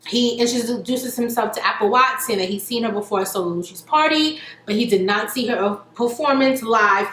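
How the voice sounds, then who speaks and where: A woman's voice: on the high side, expressive, normal speed, hardly any pauses, fairly bright tone, echoey room, rough recording. A woman recapping a reality TV episode in a chatty, slangy storytelling way, acting out what people said. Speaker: TV reality show reviewer.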